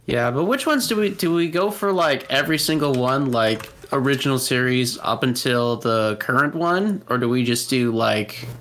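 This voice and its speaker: A young man joking along as a podcast co-host, playful and upbeat. His voice is bright at a middling pitch. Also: lively intonation, moderate pace, few pauses. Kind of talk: casual chat.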